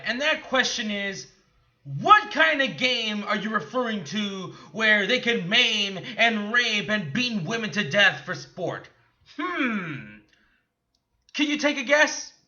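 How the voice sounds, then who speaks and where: A young man ranting angrily in a gaming commentary vlog, profane and mocking, sometimes shouting. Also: sits high. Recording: dull lo-fi recording.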